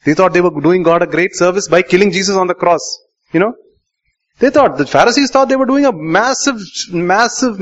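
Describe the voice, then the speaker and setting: A male pastor delivers a sermon, firing questions at the congregation and repeating lines for weight. His voice sits a little high for a man. The recording is muffled and dull.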